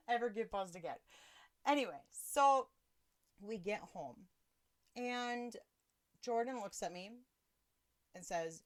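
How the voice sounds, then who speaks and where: A woman hosting a podcast, telling a personal story in a casual, animated way and laughing often. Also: mid-range voice, a little slow. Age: adult with children. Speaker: podcast host.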